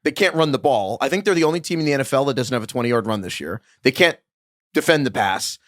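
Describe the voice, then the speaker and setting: A man's voice: mid-range voice, expressive, fast, fairly bright tone, no room sound, studio quality. A man co-hosting a fantasy football podcast, joking and riffing in casual chat. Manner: jokey, riffing, frequent restarts. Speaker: podcast co-host.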